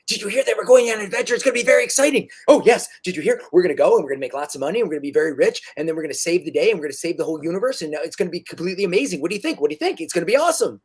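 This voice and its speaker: A man voicing excitable alien creatures who talk telepathically, gushing rapidly in one breathless stream. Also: high voice, breathy edge, voice pushed up.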